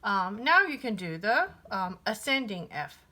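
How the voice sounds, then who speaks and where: A woman's voice: medium pitch, big pitch swings, measured pace. A woman giving a casual piano lesson, thinking aloud with many fillers and restarts. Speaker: piano teacher.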